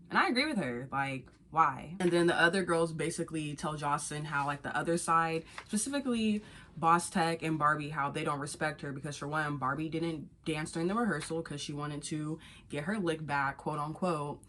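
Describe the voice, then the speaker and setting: A woman's voice: sits low, fairly bright tone, a little hiss or hum. A woman vlogger recapping a reality show episode in a blunt, profane, gossipy way. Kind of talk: casual recap commentary.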